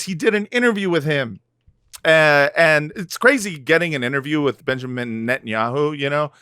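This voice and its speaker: A man's voice: on the high side, moderate pace, bright, forceful tone, clean tone, dry recording, clean studio sound. A man co-hosting a comedy podcast, riffing sarcastically in a loose chat with lots of fillers. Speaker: podcast co-host.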